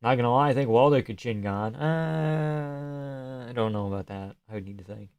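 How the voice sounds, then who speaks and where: This is casual live stream chat: a man reads his viewers' messages aloud and answers them playfully, sometimes dropping almost to a whisper. His mid-range voice moves at normal speed and sounds darkish, clear and resonant.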